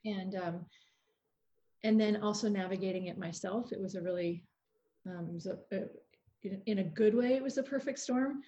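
A woman guest who works in prenatal fitness, explaining her views thoughtfully, with pauses and fillers. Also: medium pitch, mellow, dull audio, slight background noise. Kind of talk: casual conversation.

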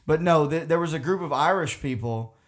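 A man's voice: a little high, brisk. A man hosting a podcast in casual chat, rambling and joking, laughing often. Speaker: podcast host.

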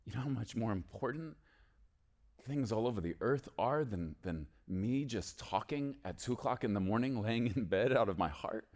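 A man preaching a sermon, swinging from loud, emphatic declarations to soft, hushed storytelling. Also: mid-range voice, lively intonation, moderate pace.

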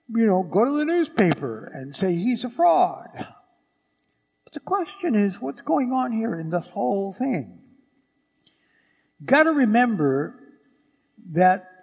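A husky, gravelly-voiced male priest preaches slowly with a lively, swinging pitch. He dramatizes the story by acting out its speakers. His voice rings with the long reverb of a large church. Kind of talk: sermon. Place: church at Sunday Mass.

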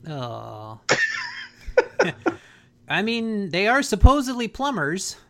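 Laid-back male host retelling a plot, lively in pitch and loose with slang. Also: extremely slow, gravelly. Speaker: podcast host. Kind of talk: casual chat, episode recap.

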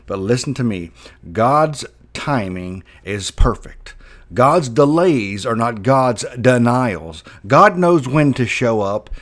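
Fervent preacher man, lively swooping voice. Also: mid-range voice. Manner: fervent, rises and drops sharply for emphasis. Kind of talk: sermon.

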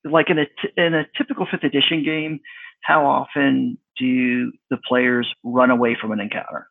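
A man talks through a casual round-table about tabletop games, wry and rambling. His voice is gravelly and husky. It comes over a tinny, phone-like line. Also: medium pitch, level tone, normal speed, dry recording. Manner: wry, rambling, self-mocking. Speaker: podcast co-host.

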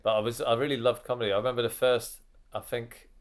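A man, a comedian chatting as a podcast guest, self-deprecating and quick to laugh. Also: mid-range voice, fairly even intonation. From Birmingham, England. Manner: self-deprecating, laughs easily, trails off quietly. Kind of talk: casual podcast chat.

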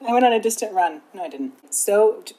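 A woman's voice: mid-range voice, expressive, fairly quick, warm tone, rough recording. Giggly rambling woman on a podcast. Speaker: guest, former zookeeper. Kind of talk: casual podcast chat.

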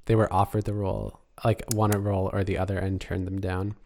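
A man's voice: low-pitched, level tone, brisk, creaky, a little mellow, a little hiss or hum. A man co-hosting a casual chat about a film, talkative, laughing often and trailing off mid-sentence. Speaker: podcast co-host.

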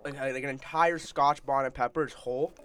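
A man's voice: medium pitch, fairly even intonation, normal speed, fairly bright tone, clean tone. A man co-hosting a podcast, chatting in an upbeat, profane way. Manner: upbeat, profane, talks over others. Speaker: podcast co-host. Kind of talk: casual chat.

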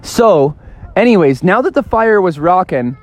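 A man's voice: high-pitched, animated, measured pace, no echo. A young man improvising a silly story in a playful, rambling way, with fillers and tangents.

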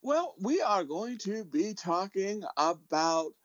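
A man co-hosting a podcast in casual chat, speaking slowly and deliberately with dry jokes. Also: sits high, big pitch swings, dry recording, muffled recording. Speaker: podcast co-host.

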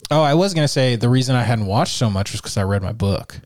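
A man's voice: mid-range voice, animated, quick pace, a little mellow, no room sound, clean studio sound. A man co-hosting a podcast in casual chat, blunt and profane. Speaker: podcast co-host.

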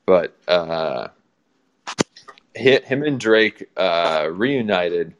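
A man's voice: low voice, animated, very slow, muffled recording, a little hiss or hum. A man hosting a casual online chat, making dry, wry remarks. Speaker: host. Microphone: online audio room.

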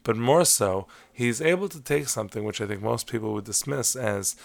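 Gravelly-voiced man teaching a Torah lesson. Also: medium pitch, lively intonation. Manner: measured, explanatory, sprinkles Hebrew terms. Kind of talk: lecture-style lesson on Talmud stories.

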